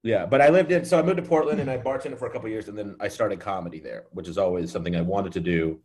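Low-voiced joking man. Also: darkish tone. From Texas, USA. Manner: dry, joking, self-mocking, with halting restarts. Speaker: comedian guest. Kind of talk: casual podcast chat.

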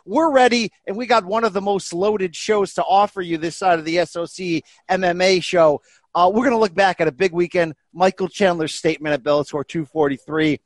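Pumped up podcast host guy, highish voice, cracks jokes, dry close sound. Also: dry recording. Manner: hyped, jokey, animated. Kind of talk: energetic podcast chat.

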